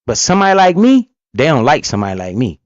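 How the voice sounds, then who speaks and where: A man's voice: mid-range voice, huge pitch swings, fast, no room sound. A man giving heated, profane reaction commentary about investing, preaching hard at his listeners. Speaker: finance commentator reacting to a clip. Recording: dull lo-fi recording.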